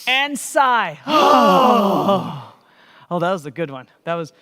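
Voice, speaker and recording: A man leading a church children's program through stretches and vocal warm-ups in an upbeat, encouraging way. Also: high-pitched, very animated, normal speed, smooth. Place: church hall. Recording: echoey hall.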